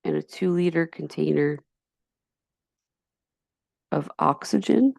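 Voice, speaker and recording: Gravelly low-voiced teacher with a Yonkers accent. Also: female voice, slow, darkish tone, no room sound, studio quality. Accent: Yonkers, New York. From Yonkers, New York. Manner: chatty, digressive, with frequent restarts. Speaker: high school chemistry teacher. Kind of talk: recorded slideshow lecture.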